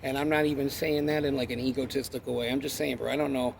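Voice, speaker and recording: A man's voice: medium pitch, little pitch movement, quick pace, vocal fry, slight background noise. A man telling an angry, profane story about a run-in with a coworker, rambling and heated. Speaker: forklift worker.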